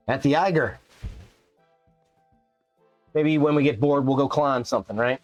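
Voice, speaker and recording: A man's voice: medium pitch, measured pace, long pauses, no room sound, soft background music. A man streaming a racing game live, chatting playfully with his viewers and his cats. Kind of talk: casual live-stream chat while gaming.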